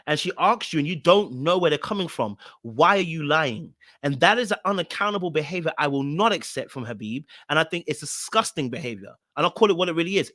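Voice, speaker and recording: A man in a slightly high register gives reaction commentary on a reality show. He is blunt and emphatic and repeats his points over and over. His voice sounds close and dry, with no room around it. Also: bright, forceful tone, no echo. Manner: emphatic, blunt and repetitive, hammering points home.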